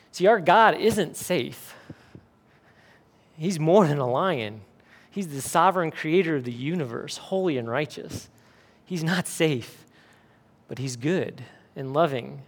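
A male pastor delivers a sermon in an emphatic, earnest manner. His voice sits a little high for a man, and he drives his points home with rhetorical questions. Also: lively intonation, takes it slowly, slightly rough.

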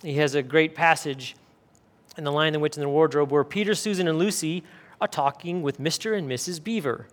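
A man's voice: on the high side, a little fast. A male pastor preaching a sermon emphatically, asking rhetorical questions.

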